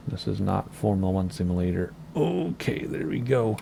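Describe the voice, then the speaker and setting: Low gravelly man chatting through a flight sim. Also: lively intonation, normal speed, warm tone, a little hiss or hum. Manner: chatty, rambling, self-correcting. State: slightly hoarse. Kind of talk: casual gameplay commentary.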